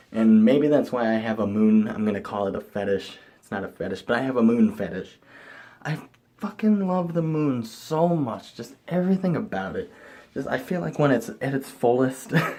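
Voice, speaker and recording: A young man from the area, rambling excitedly to camera in a casual vlog, bursting into loud enthusiasm then dropping to mumbled asides. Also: lowish voice, brisk. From Chicago area, USA. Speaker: vlogger.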